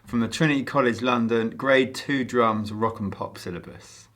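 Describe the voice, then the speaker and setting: A man's voice: mid-range voice, normal speed, a bit bright. A man teaching drums, patiently explaining sheet music step by step and counting beats aloud. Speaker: drum teacher. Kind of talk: instructional lesson.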